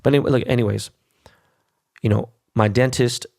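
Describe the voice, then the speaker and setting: A man's voice: mid-range voice, steady tone, a little fast, creaky, a little mellow, no room sound, clean studio sound. A man hosting a podcast in a brash, casual monologue, swearing constantly and tagging "right?" onto his sentences. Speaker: podcast host. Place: New York.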